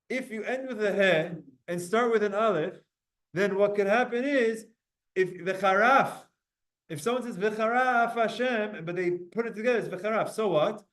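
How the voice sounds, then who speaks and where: A man teaching a live Talmud class, slowly sounding out Hebrew phrases word by word to his students. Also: high-pitched. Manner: animated, drawn-out recitation of Hebrew phrases.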